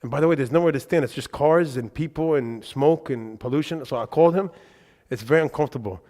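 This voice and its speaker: A man giving a religious lesson in a mosque, telling lively anecdotes with quick asides. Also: a little high. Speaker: religious teacher. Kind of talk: storytelling lesson to a congregation. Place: mosque hall. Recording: reverberant mosque hall.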